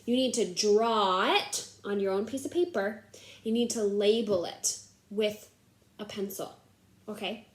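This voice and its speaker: A woman's voice: mid-range voice, unhurried. Upbeat woman teacher, echoey room. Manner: upbeat, encouraging. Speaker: classroom teacher. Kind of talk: giving an assignment to young students.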